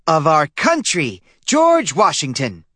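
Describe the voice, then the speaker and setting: A man's voice: fairly high pitch, wildly swooping pitch, slow pace, a bit bright, no echo, voice pushed up, full character voice. Man doing a pompous grand father. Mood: grandiose. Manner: grand, intoning. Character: pompous middle-aged father, grand and theatrical.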